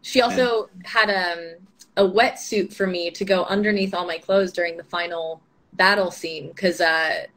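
A woman's voice: on the low side, steady tone, moderate pace, fairly bright tone. A young woman telling stories as a guest in a casual interview, chatty and full of fillers, laughing often. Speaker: actress being interviewed.

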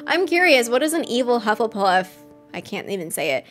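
A woman hosting a live stream, reacting excitedly to a game trailer, gushing and laughing often. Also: a little high, normal speed, faint music behind. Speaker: host.

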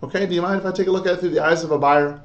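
A man's voice: sits high, fairly even intonation, rapid-fire, echoey room, lo-fi sound. A man teaching real estate agents, coaching them through a sales script and often checking in with "okay?" and "all right?". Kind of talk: instructional talk with role-play.

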